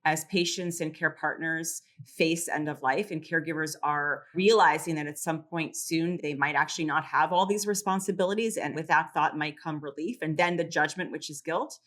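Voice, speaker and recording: A middle-aged woman psychologist explaining coping tools calmly and clearly in a podcast interview. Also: sits low. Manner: calm, measured, teacherly explanations. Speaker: psychologist and caregiver clinic founder.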